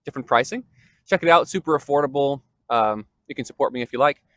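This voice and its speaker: A man's voice: mid-range voice, fast talker, no echo. A man hosting a casual Bible teaching vlog, talking in a conversational way with fillers and self-corrections. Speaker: host.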